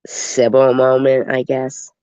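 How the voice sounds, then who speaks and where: A man's voice: medium pitch, completely flat delivery, slow, a little mellow, clear, resonant tone, no room sound. A congested man, hosting a livestream and rambling casually to his viewers. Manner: rambling, talks straight to viewers. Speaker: livestream host. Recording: dull lo-fi stream audio.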